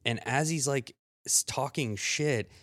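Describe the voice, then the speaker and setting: A man's voice: a little slow, a bit bright, dry recording, studio quality. Rambling, swearing man telling stories. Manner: rambling storyteller, swears often, jumps up in pitch when quoting. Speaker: podcast co-host. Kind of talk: casual chat.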